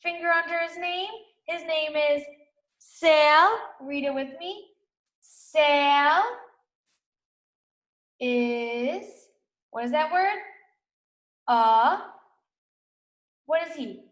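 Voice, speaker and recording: A young woman teaches a recorded reading lesson for small children, her voice high and her pace unhurried. She sounds out each word slowly and keeps encouraging. The room around her is echoey. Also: animated, a bit bright. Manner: slow, sounds out letters and words, encouraging.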